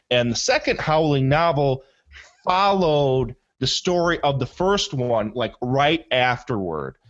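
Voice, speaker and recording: Male podcast host, slightly high voice, eager rambling film talk, lo-fi sound. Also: fairly bright tone. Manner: rambling, enthusiastic, self-correcting. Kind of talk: casual chat, movie review.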